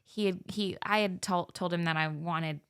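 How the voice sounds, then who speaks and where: A young woman co-hosting a casual podcast chat, effusive and quick to act out what friends said. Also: lowish voice, steady tone, a bit bright, smooth. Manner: effusive, acts out quoted friends in a raised voice. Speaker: podcast co-host.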